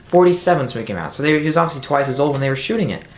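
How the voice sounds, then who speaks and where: A film reviewer fires off an angry, rapid-fire movie rant at home, rambling, swearing and restarting sentences. His fairly high, expressive voice is picked up by a built-in camera mic in an echoey room with slight background noise.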